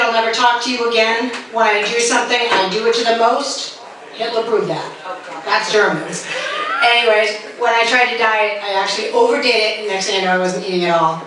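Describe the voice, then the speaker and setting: A woman in her fifties doing stand-up comedy with brash, self-mocking punchlines and quick asides to the crowd, recorded from afar in an echoey club. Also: on the high side, noisy background. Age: 50s. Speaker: stand-up comic. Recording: echoey room from far off.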